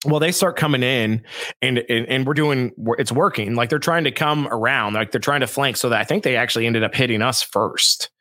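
A man of middle pitch recounts a long story in an easy, measured voice, pausing often to gather his thoughts. The recording is dry and close. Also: dry recording. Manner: relaxed, measured, many fillers like um. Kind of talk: casual storytelling chat.

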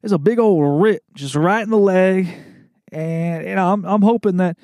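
A man putting on a slow Mississippi drawl. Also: high-pitched, darkish tone, no room sound, clean studio sound, voice pushed up. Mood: folksy. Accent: put-on Mississippi drawl. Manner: slow, drawn-out and folksy. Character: slow-talking friendly Southern male golf customer.

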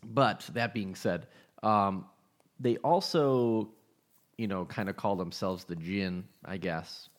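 A man with a fairly low voice, chatting as a podcast co-host. He rambles, fills gaps with ums and likes, and swears casually. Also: takes it slowly. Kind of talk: casual chat.

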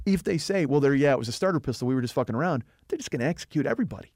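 A man talks quickly and with animation on a podcast. He swears freely as he acts out scenes from a film. His voice sits mid-range and sounds dry and close. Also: medium pitch, no echo. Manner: fast, animated retelling with profanity. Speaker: podcast co-host. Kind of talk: casual film discussion.

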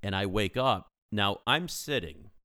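Man in his 30s, very low voice, smooth and resonant, dry close sound, lively storyteller. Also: unhurried, dry recording. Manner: animated storyteller, acting out people in his story. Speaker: podcast co-host. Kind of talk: casual storytelling chat.

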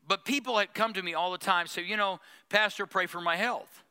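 Bright, clear-voiced man preaching a sermon. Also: high-pitched, brisk. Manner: preachy, humorous, acts out mocking prayers. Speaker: pastor. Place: church.

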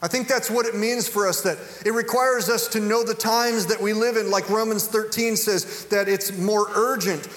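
A man's voice: sits high, fairly even intonation, normal speed, hardly any pauses, a bit bright. A middle-aged man preaching a sermon as a pastor, mixing humorous storytelling with earnest preaching. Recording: echoey hall with long reverb.

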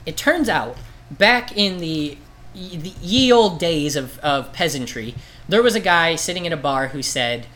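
Here a man with a slightly high, bright voice retells a funny story on a podcast at an unhurried, expressive pace. He rambles, curses freely and performs the quoted voices, keeping it all casual.

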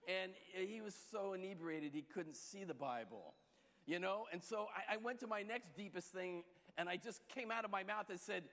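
A high-pitched man preaches a storytelling sermon, swinging between quiet asides and bursts of excitement. His voice rings out in a hall with a long, trailing reverb. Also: moderate pace. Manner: storytelling, lively shifts in pitch and loudness. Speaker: pastor.

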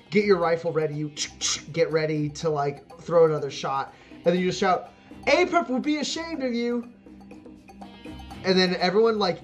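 A tabletop game master narrating a scene at an unhurried pace, full of "like" and "um" and bursts of laughter. The voice sits at a middling pitch. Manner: rambling, filler-heavy narration with frequent laughs.

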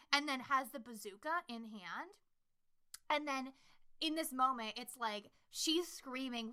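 A young woman co-hosting a casual horror movie podcast, swearing freely and telling scenes with lively, shouted impressions. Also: high voice, measured pace, smooth. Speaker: podcast co-host.

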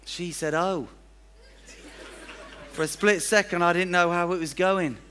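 A man's voice: high voice, steady tone, measured pace, bright, forceful tone, some chatter behind, a little hiss or hum. A man preaching a sermon in a church, chatty and self-deprecating, acting out little everyday scenes.

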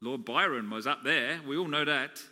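A man preaching a chatty sermon full of jokes, swinging between loud and soft. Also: medium pitch, moderate pace, in a large hall.

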